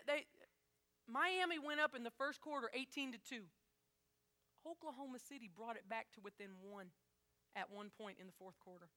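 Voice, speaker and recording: A woman's voice: sits high, sharp tone. A woman preaching a sermon, talking straight to her congregation in an emphatic, conversational way.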